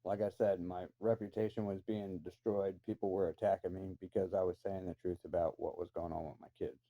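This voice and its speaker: A man's low-pitched voice moves briskly and flatly as he rambles through a personal story. It's casual, full of free swearing and incredulous asides, and the recording is dull and lo-fi.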